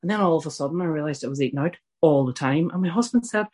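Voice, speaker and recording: A woman's voice: sits low, fast, darkish tone, slightly rough. A middle-aged woman from Ireland sharing her personal recovery story at a support meeting, candid and self-mocking, with chatty asides.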